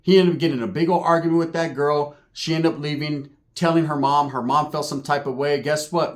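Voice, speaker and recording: Young man, streetwise storyteller, loud profane rant, acts out every quote in a higher voice. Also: steady tone, a little fast, few pauses. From California. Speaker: commentary vlogger.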